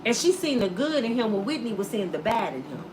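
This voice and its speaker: A woman YouTuber giving blunt, animated commentary to her viewers and acting out the voices of people she quotes. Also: on the high side, a little fast, recorded from a distance, background noise. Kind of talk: casual commentary to camera.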